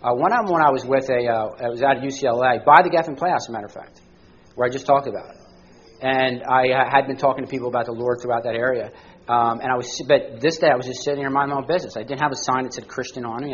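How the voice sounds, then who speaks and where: On a dull-sounding recording with a little hiss or hum, a man with a mid-range voice leads a church study class. His delivery is conversational, and he regularly checks in with the group through questions and a frequent "all right?".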